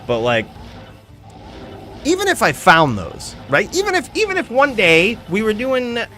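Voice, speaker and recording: A male streamer hosting a live show, talking in an excitable, rambling, profane way about the game he plays. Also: high voice, unhurried. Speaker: streamer host. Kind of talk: casual live-stream chat.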